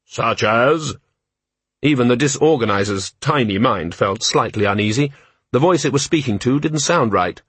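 Man, audiobook narrator, husky, lively pitch, wry and expressive, dry close sound. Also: normal speed, dry recording.

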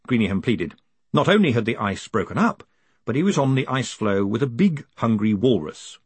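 A man narrates an audiobook in a slightly husky voice. His pitch moves a lot, giving a lively, dryly witty read. The sound is close and dry. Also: normal speed, dry recording. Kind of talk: scripted narration.

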